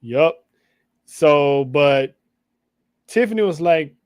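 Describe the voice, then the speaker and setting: A man co-hosting a casual wrestling recap podcast, his voice a bit higher than most men's. He tells each story in an animated way, acting out what people said and laughing along. The sound is dry and close. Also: slow pace, pauses often, clear, resonant tone, no room sound. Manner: animated storytelling, acts out quotes, laughs often. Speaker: podcast co-host.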